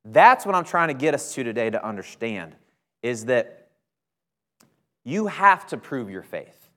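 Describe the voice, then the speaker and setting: A man's voice: medium pitch, sing-song, unhurried, sharp tone. Man preaching casually in an echoing hall. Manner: conversational preaching, emphatic stressed words, frequent "right?". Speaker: minister. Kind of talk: sermon. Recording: long hall reverb.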